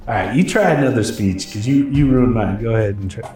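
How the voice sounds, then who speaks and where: A man improvising comedy banter with dry, teasing, unhurried remarks. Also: fairly low pitch, dark tone. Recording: very echoey room, faint music.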